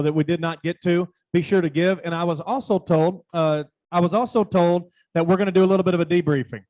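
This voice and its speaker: Male event host, high-pitched, informal rambling announcements. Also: darkish tone.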